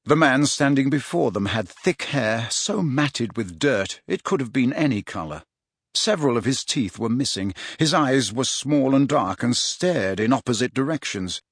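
An audiobook narration by a man with a voice of middling pitch. He reads in a measured, expressive way, with dry close miking and no room sound. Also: slightly rough, dry recording. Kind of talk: scripted narration.

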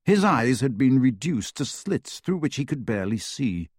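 A man reading a novel aloud as narrator, in a lively, expressive way that acts out the action. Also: medium pitch, moderate pace, dry recording, studio quality. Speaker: audiobook narrator. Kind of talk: scripted story narration.

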